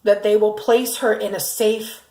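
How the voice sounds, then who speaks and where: A woman's voice: medium pitch, little pitch movement, unhurried, dark tone, reverberant, poor audio. A middle-aged woman telling her family's story in a vlog, urgent and indignant, with many ums and restarts. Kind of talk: emotional first-person vlog.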